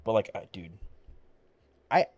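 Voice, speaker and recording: This gamer has a mid-range, darkish voice with a sing-song quality and speaks at a moderate pace; the recording has no echo and its highs are cut off. He streams a video game with casual, rambling commentary, swearing and using fillers a lot, mumbling, and his voice cracks occasionally.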